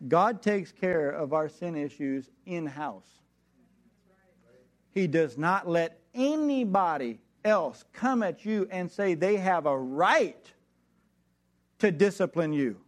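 A preacher, a man, telling a family story from the pulpit. His voice sits a bit high and jumps up and down as he acts out the people in it, and he laughs along with his own tale. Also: expressive, takes it slowly. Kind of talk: sermon with personal story.

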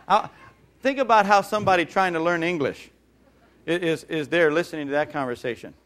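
Guy preaching, lively sermon, kinda high voice, gets the crowd to repeat stuff. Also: a little fast. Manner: animated, acts out mocking voices, calls for audience response.

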